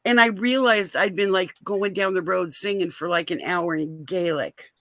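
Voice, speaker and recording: A woman's voice: lowish voice, moderate pace, a bit bright, dry recording. An American woman telling a personal story in a casual chat on a call.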